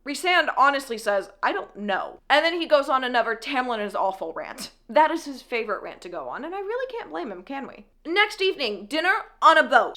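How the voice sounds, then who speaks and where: A woman's voice: a little high, bright, forceful tone. A woman casually recapping a fantasy novel, chatty and sarcastic, often laughing at her own asides. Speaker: book reviewer.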